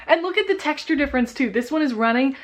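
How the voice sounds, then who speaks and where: A young woman talking about makeup in a casual vlog, dramatic and swearing, growing loud when excited. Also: high-pitched, fast talker. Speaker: beauty vlogger.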